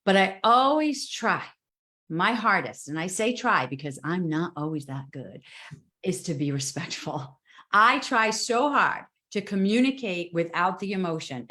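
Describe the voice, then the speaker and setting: A woman with a lowish voice, appearing as a guest speaker, tells a story in a casual live video chat. She's animated and emphatic and throws in quick asides.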